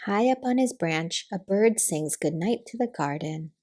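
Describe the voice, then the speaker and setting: A young woman reading a picture book aloud to small children, gently naming the pictures and asking questions. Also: medium pitch, lively intonation, normal speed. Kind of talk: storybook reading to toddlers.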